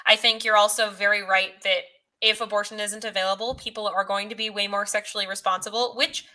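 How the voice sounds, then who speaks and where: Bright-voiced, earnest woman guest. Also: medium pitch, little pitch movement, fairly quick. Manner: fluent, earnest and persuasive. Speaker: guest, pro-life advocate. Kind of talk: casual conversational interview.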